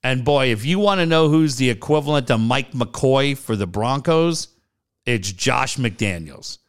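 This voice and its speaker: A man's voice: mid-range voice, animated, measured pace, clear, resonant tone. A middle-aged man co-hosting a sports talk show, swearing freely and mocking the people he talks about. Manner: profane, mocking storyteller who mimics people. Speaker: sports radio co-host.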